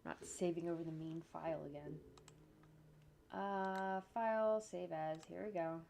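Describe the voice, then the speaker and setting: A woman with a lowish voice narrates her animation work casually as she goes. She thinks aloud, tosses in jokey asides and hums to herself. Faint typing and mouse clicks sit behind her. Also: fairly even intonation, unhurried, creaky, darkish tone, a little hiss or hum. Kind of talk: casual narration while working on screen. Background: faint computer keyboard typing and clicks.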